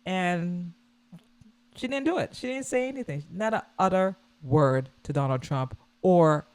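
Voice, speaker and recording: A woman vlogger giving casual reaction commentary on a video, animated and scornful, repeating her points. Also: lowish voice, unhurried.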